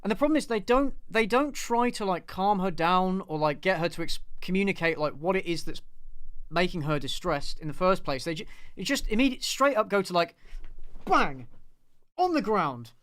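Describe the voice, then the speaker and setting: A man's voice: sits high, animated, moderate pace, a bit bright, no echo. A man hosting his channel, talking through a film review in a casual, rambling way with fillers and the odd swear word. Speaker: channel host. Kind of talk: live review discussion.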